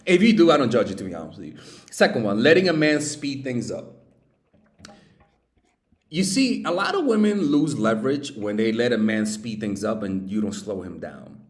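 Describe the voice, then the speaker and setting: A young man giving dating advice in a casual vlog, animated and profane, with many restarts. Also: medium pitch, normal speed, roomy sound. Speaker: dating coach.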